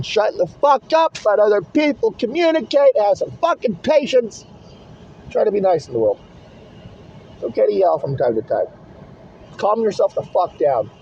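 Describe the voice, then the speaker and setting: A vlogger with a high, somewhat dark voice rambles bluntly from inside his car, swearing constantly. It's a casual vlog shot on a phone camera mounted in a car holder, so the audio is dull and lo-fi.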